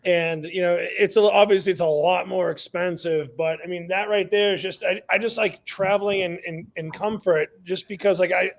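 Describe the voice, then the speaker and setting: A man's voice: sits high, fairly even intonation, moderate pace, creaky, hardly any pauses. A man co-hosting a podcast in casual chat, telling blunt, profane stories with many restarts. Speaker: podcast co-host.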